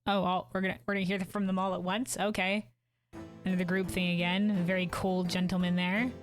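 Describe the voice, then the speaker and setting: A woman streaming a game, tossing out quick casual asides between lines. Her talk is relaxed and chatty. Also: on the low side, music in the background. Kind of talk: casual let's-play commentary.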